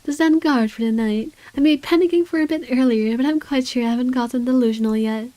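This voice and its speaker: A woman with a high, warm voice reads a visual novel aloud quickly, sounding close to everyday speech with no room sound. She voices an irritable wealthy man with guards, narrating in the first person in a dry, sardonic, wary way.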